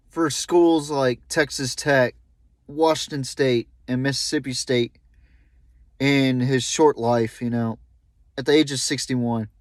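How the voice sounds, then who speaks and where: A young man hosting a podcast, talking haltingly with many fillers and restarts, openly emotional. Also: mid-range voice, no room sound. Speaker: podcast host. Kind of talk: solo tribute podcast talk.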